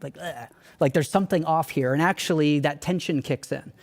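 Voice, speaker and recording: Young male church staff speaker, slightly high voice; earnest, candid, conversational storyteller. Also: fairly quick. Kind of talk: personal storytelling talk.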